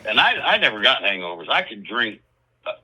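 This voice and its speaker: A man's voice: lowish voice, sing-song, brisk, bright, forceful tone, slightly rough, rough recording. A man who is a musician, being interviewed on radio, telling loose, profane anecdotes. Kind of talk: casual interview banter.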